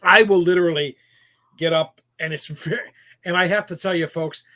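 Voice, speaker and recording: Male host, Santa performer, chatty and self-deprecating, slightly high bright voice. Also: fairly even intonation, moderate pace. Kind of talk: casual storytelling chat.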